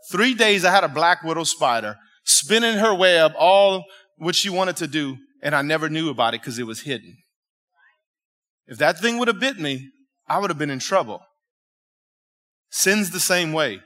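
Bright, high-voiced preacher. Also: male voice. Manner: animated, emphatic, chatty with the congregation. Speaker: pastor. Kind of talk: storytelling sermon. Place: church sanctuary.

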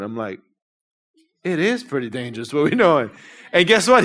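A middle-aged man preaching in a church, animated and conversational with casual slang. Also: fairly high pitch, moderate pace, long pauses. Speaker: pastor. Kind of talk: sermon. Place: church sanctuary.

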